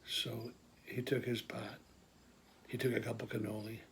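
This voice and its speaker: A man performing an improvised comic monologue as a swearing, streetwise family man, telling his story with quick asides. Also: fairly low pitch, level tone, gravelly, a bit bright, slight background noise. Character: Pork Chop, a gruff middle-aged family man. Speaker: comedian doing an improvised monologue.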